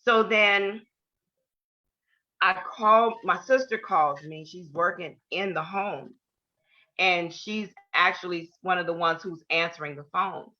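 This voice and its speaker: A woman's voice: lowish voice, a little slow, sharp tone. An older woman giving an earnest personal testimony in an interview, repeating key points for emphasis. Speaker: guest. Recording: dull lo-fi podcast audio.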